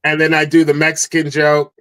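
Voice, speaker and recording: A male comedian on a video call, telling stage stories in a lively podcast chat. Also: on the high side, a little fast. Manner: animated storyteller, acts out his stage bits. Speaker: comedian guest.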